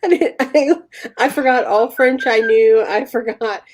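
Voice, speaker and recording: A woman with a fairly high voice, chatting casually on a live stream. She laughs often while telling her stories. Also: unhurried.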